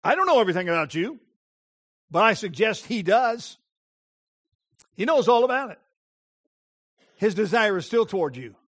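A male preacher giving an impassioned sermon, with emphatic phrasing and dramatic pauses. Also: sits high, very animated.

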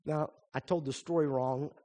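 Animated storytelling preacher, slightly high voice. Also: male voice, normal speed. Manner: animated storyteller who acts out quoted voices; drops to a soft, earnest tone for the application. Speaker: pastor. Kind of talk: sermon storytelling.

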